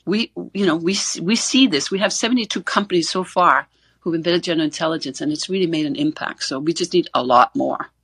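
A woman's voice: deep voice, fast, a bit bright, breathy edge, no echo. A middle-aged woman co-hosting a casual online panel discussion, earnest and explanatory, often repeating words as she starts a thought. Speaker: co-host, gender expert. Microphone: online audio call.

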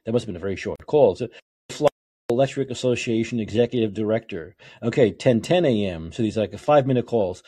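A man hosting a political talk show, delivering a sarcastic, opinionated monologue that swings between yelling and quiet muttering. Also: lowish voice, lively intonation, quick pace, husky.

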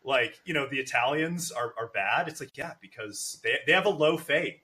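A man's voice: medium pitch, lively intonation, moderate pace, pushed and bright. A man co-hosting a podcast, joking around and laughing often as he talks. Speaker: podcast co-host. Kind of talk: casual chat.

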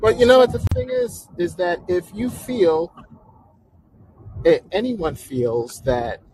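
A man's voice: high voice, wildly swooping pitch, slow, darkish tone, slight background noise. A man calling in to a talk show, speaking in an earnest, persuasive way. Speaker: caller. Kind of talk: casual call-in chat.

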